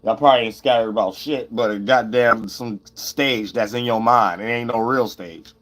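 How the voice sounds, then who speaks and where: A man giving a rambling, profane livestream tarot reading, with sudden shouts and wild swings. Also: medium pitch, moderate pace. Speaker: tarot reader.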